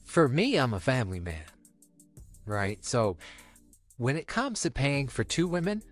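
A young man co-hosting a podcast, talking candidly and rambling in casual chat. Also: mid-range voice. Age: young adult. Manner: candid, rambling, restarts often. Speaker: podcast co-host.

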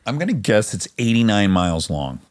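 A middle-aged man hosting a podcast, chatting casually and joking with animated swings up in pitch. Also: a little fast, dry recording. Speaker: podcast host. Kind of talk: casual chat.

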